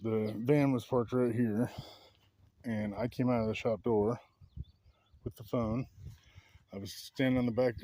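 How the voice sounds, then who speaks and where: A man's voice: fairly low pitch, dark tone. A man casually walking through a property outdoors, recounting events in a rambling, restarting way while pointing out spots. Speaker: vlogger recounting an incident. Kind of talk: casual walkthrough narration.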